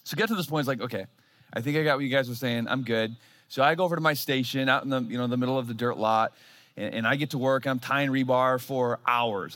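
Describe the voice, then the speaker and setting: A man's voice: mid-range voice, pushed and bright. A man in his thirties, a pastor, preaching a sermon in a church and telling a self-mocking story.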